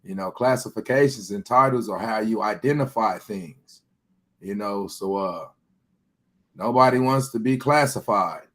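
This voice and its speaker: A man's voice: on the low side, unhurried. A man talking in a loose group chat, emphatic and profane, who keeps checking in with "you hear me?".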